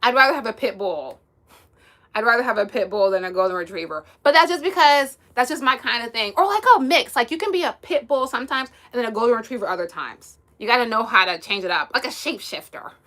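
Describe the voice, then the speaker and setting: A woman's voice: on the high side, animated, fast, pushed and bright. A young woman from the US East Coast hosting a casual livestream, chatting and giggling as she reads viewer comments aloud. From United States, East Coast. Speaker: livestream host.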